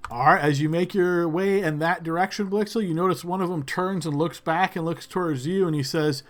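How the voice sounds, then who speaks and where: A man's voice: a little high, fairly quick, few pauses. A man narrating as game master for a tabletop role-playing game, describing scenes in a loose way with many fillers.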